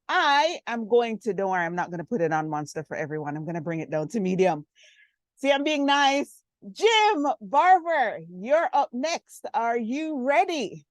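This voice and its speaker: A woman's voice: a little high, no room sound. A woman hosting an online speaking game on a video call, upbeat and teasing. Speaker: meeting host running a speaking game. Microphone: computer mic on a video call.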